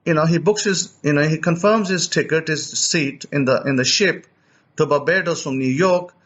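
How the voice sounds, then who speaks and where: A man's voice: fairly high pitch, moderate pace, fairly bright tone, highs cut off. A man preaching in a storytelling way, retelling an account animatedly and often repeating or restarting his words. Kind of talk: storytelling teaching.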